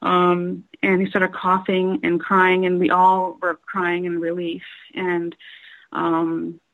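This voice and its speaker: A woman telling a personal story, halting with many fillers and restarts, raising her voice when quoting others. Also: lowish voice, monotone, phone-quality sound.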